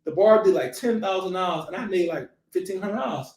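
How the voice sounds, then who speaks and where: Man, from philadelphia, podcast host, rapid animated storytelling, swears a lot, roomy echo. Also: sits high. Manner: animated, profane, laughing storyteller. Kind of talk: casual storytelling chat. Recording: roomy echoey room.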